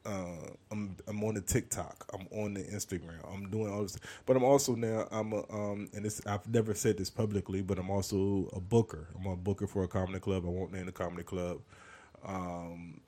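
A man's voice: deep voice, fairly even intonation, normal speed, dark tone. A man hosting his podcast, rambling through a joking catch-up and acting out other people's voices. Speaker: podcast host and comedian. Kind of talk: casual monologue.

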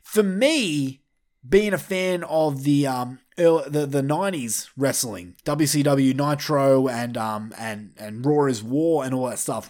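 A man's voice: medium pitch, slow, darkish tone. A man ranting bluntly and with heavy profanity as he gives his opinions in a vlog. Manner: blunt, heavily profane, fired up. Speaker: wrestling commentator vlogger. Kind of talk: opinionated rant.

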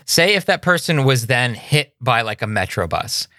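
A man in a casual chat, deadpan and dryly teasing as he probes with questions. His mid-range voice is recorded close, with no room sound around it. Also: mid-range voice, normal speed, no room sound. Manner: deadpan, dry, probing questions.

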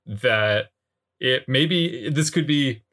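A man's voice: medium pitch, very slow, fairly bright tone. A man hosting a podcast in casual chat, musing and hesitant. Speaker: podcast host.

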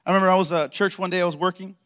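A man's voice: high voice, fairly even intonation, racing, fairly bright tone, clean tone. A man preaching a sermon in a church as pastor, telling stories with energy and acting out the dialogue.

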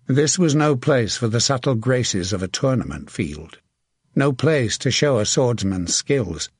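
A man reading a historical battle story as a steady, vivid audiobook narrator. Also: medium pitch, unhurried, breathy edge, dry recording, clean studio sound.

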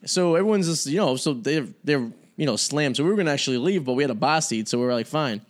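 A man hosting a casual podcast, chatting loosely and rambling through a story. He swears without a second thought, and his voice sits at an ordinary middle pitch. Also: animated, fast talker. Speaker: podcast host. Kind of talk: casual chat.

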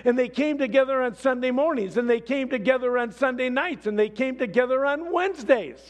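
A man preaching a sermon, telling a story with lively swings from hushed to shouted. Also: very high-pitched, brisk. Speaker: pastor. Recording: long hall reverb.

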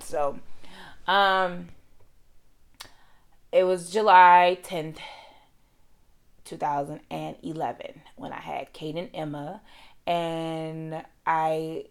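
A woman's voice: fairly low pitch, vocal fry. A woman, hosting a podcast and candidly telling a personal story in a conversational, emotional way. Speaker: podcast host.

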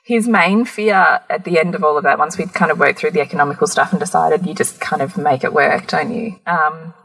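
A woman shares a personal story in easy, candid conversation. Her voice sits on the low side with a husky edge, and she slips into animated voices for the people she quotes. She laughs often as she talks. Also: fairly quick, rough recording. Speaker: podcast guest.

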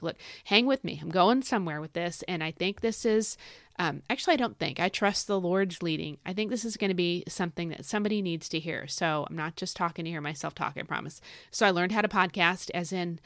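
A woman's voice: lowish voice, a little fast, fairly bright tone, no room sound, studio quality. A middle-aged woman hosting a faith podcast, chatting casually and rambling with frequent restarts. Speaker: podcast host. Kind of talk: casual devotional podcast talk. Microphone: podcast microphone.

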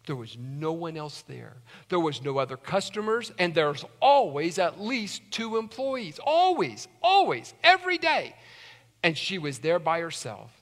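A man pastor preaching a sermon in a church sanctuary, impassioned, swinging from loud urgency to hushed pleading. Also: fairly high pitch, very animated, a little slow, few pauses. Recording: long hall reverb.

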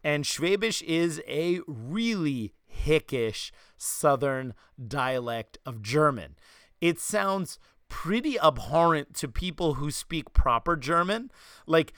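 Man, New York accent, podcast host, bright forceful voice, clear and crisp, dry close sound. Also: a little high, slow pace, dry recording. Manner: animated storytelling, slipping into quoted voices. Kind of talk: casual chat.

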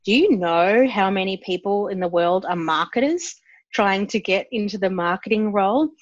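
A woman co-hosting a business podcast, who talks in a bold, animated way about branding and marketing. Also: medium pitch, normal speed, no room sound, muffled recording. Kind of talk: casual business chat.

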